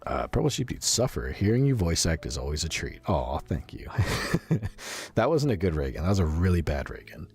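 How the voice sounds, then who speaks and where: A man's voice: a bass voice, sing-song, moderate pace, darkish tone, breathy edge. A male streamer with a stuffy nose, chatting casually with his viewers in a rambling, filler-heavy way.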